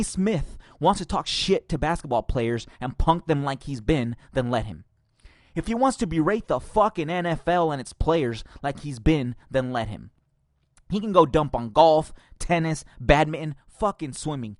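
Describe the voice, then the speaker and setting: A man's voice: a little high, animated, normal speed, dry recording, clean studio sound. A man hosting a podcast, ranting angrily and profanely with sarcastic laughs. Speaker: podcast host.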